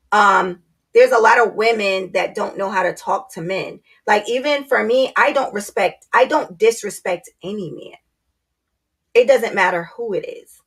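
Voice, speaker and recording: A woman's voice: mid-range voice, gravelly, breathy edge. A woman vlogger giving blunt, candid relationship advice in a casual talk to camera, speaking straight to her viewers.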